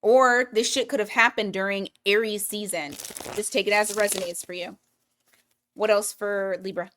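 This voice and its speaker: A woman's voice: mid-range voice, fairly even intonation, moderate pace, fairly bright tone. A woman giving a casual weekly tarot reading, blunt and profane, thinking aloud as she pulls cards. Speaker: tarot reader.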